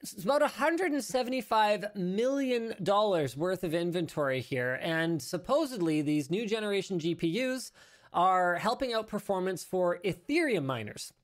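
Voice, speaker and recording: A man's voice: high-pitched, lively intonation, normal speed. A male show host talking through tech news in a casual, rambling way, correcting himself and adding joking asides.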